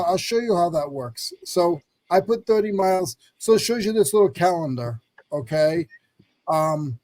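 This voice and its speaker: Man from north carolina, high voice, mellow tone, dry sound, rambling hurried screen-share walkthrough. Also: no room sound. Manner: rambling, fast, self-correcting. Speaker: reseller sharing his screen on a live stream.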